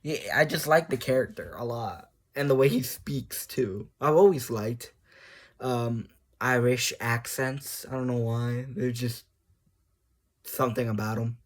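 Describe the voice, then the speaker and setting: A gaming vlogger with a medium-pitched voice speaks a little slowly in a casual monologue about a game. He's emotional and rambling, laughs often, and keeps restarting his sentences.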